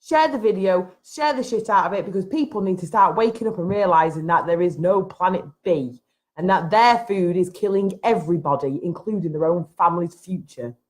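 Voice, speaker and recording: A woman's voice: lowish voice, fairly quick. A woman vlogger at home giving a frustrated, emphatic rant to camera, repeating her points. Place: at home, having just got out of bed.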